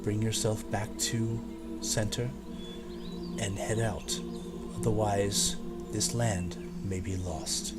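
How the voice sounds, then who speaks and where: A serene goddess, voiced by a man, speaks in a low, hushed, unhurried tone, measured and prophetic. Her words are improvised at a tabletop game. Music plays clearly behind her. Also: level tone. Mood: solemn. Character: serene, solemn goddess woman bestowing blessings. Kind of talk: improvised tabletop role-play. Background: background music.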